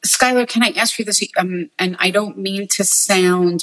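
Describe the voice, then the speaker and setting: A woman working as a psychic medium gives a spirit reading for sitters, earnestly passing messages to the people before her and often repeating herself. Her mid-range voice is fairly bright, and she speaks unhurriedly with few pauses. The audio quality is poor.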